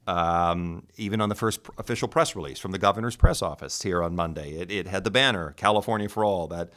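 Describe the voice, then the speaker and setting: A man's voice: low-pitched, fast, fairly bright tone. A man hosting a political podcast, talking in a wry, conversational way. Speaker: podcast host. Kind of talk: casual political talk.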